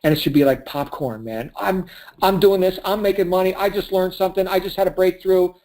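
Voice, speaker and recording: Delivering a motivational pep talk on a call, this sales speaker talks a little fast in a high, darkish voice. He's punchy and preachy, laughs often, and answers his own questions.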